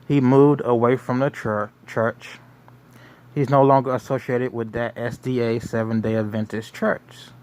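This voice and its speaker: Slow, rambling male commentator. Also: medium pitch, level tone, darkish tone. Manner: rambling, musing, repeats himself. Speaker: show host. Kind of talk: casual commentary.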